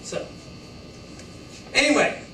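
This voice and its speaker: A man's voice: slow, pushed and bright. A man lecturing a college class, joking and throwing rhetorical questions at the students, often acting out quotes in other voices. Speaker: college instructor. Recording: echoey room from far off, faint hiss.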